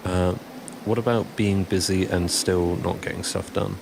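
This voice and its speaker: A man's voice: deep voice, fairly even intonation, a little slow, creaky, noisy background. A man chatting casually and rambling on a live stream while he builds, answering chat as he goes.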